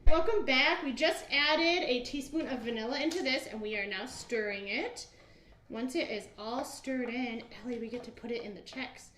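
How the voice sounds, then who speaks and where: A woman's voice: fairly high pitch, normal speed, fairly bright tone. A woman in her thirties patiently teaching a young child in a home cooking demo, asking simple questions. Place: home kitchen. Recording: echoey room, faint noise.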